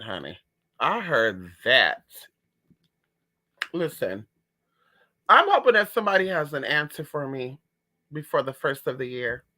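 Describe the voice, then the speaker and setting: A man hosting a casual livestream, reading chat, sassy and animated, calling viewers honey and girl. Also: medium pitch.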